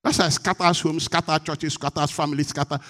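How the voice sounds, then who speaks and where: This preacher speaks fairly quickly in a fairly bright tone with fairly even intonation, yet his emphatic sermon still breaks into bursts of rising pitch and volume. He engages the congregation with call-and-response questions.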